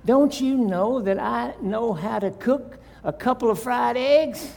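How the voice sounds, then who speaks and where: A man's voice: very high-pitched, unhurried, gravelly, a little mellow, in a large hall, pitched above the performer's own voice, heavily acted. An older man playing an exasperated wife in a joke, sounding indignant. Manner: indignant, incredulous. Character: exasperated middle-aged wife.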